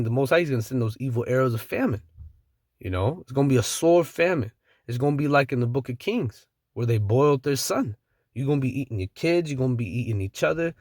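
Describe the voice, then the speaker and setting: A man's voice: medium pitch, no echo, clean studio sound. A man preaching from scripture, reading verses aloud and then riffing on them in blunt, slangy street talk with the odd chuckle.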